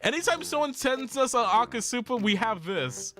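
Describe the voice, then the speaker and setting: A man's voice: extremely high pitch, expressive, moderate pace. A man streaming a video game, chatting casually, laughing often and swearing freely. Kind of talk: casual gaming stream chat. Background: game music.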